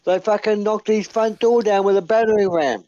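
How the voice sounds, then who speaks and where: A man with an Australian accent, co-hosting a livestream, rambling in halting casual political chat. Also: high-pitched, fairly even intonation, dark tone, no room sound, highs cut off. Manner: rambling, halting, spells words out. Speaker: livestream co-host.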